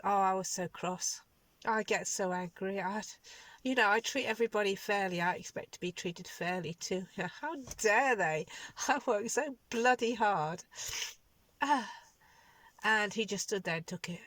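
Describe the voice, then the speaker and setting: A woman's voice: medium pitch, a little slow, no echo. Woman in her sixties, chatty. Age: 60s. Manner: lively storytelling, exasperated, laughing at herself. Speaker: vlogger. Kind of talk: casual spoken diary.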